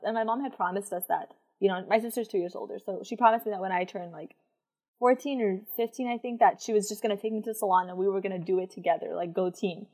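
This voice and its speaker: A woman's voice: medium pitch, a little fast, a little mellow. A young woman telling a personal story in casual chat, with lots of fillers and frequent laughter.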